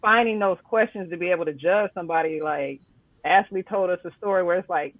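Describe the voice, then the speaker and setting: A man's voice: high voice, a little fast, dry recording. A man chiming in eagerly on a casual podcast discussion, often repeating his words as he starts. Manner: eager, jumps in, repeats himself. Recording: dry, tinny phone-like line.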